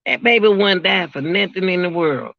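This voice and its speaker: A man's voice: sits high, animated, moderate pace, gravelly, dry recording, muffled recording. A man giving emotional, repetitive livestream commentary, talking straight to his viewers.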